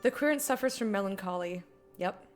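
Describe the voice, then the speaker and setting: A woman's voice: medium pitch, animated, a little fast, faint music behind. A woman streaming live, joking about a game and reading its text aloud in a chatty, playful way.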